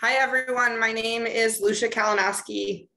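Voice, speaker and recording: Young adult chaplain, bright voice, measured and sincere in a prepared speech. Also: mid-range voice, fairly even intonation, creaky. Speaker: chaplain resident.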